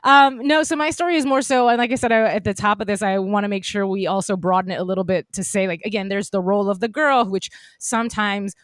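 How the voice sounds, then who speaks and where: A woman's voice: medium pitch, steady tone, fast, few pauses, dry recording. Storytelling woman podcast host, dry mic. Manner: storytelling, acts out quoted voices. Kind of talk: casual chat.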